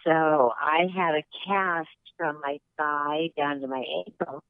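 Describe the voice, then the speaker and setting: A woman's voice: low-pitched, slow, dry recording. A woman guest chatting by phone, out of breath, telling stories and laughing easily. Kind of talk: casual phone interview. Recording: tinny phone line.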